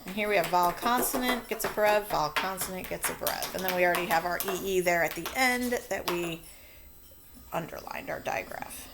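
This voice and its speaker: A woman teaching a children's spelling lesson, dictating words slowly and walking through how to mark each syllable. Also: fairly low pitch, background noise. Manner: slow, stretched-out word dictation.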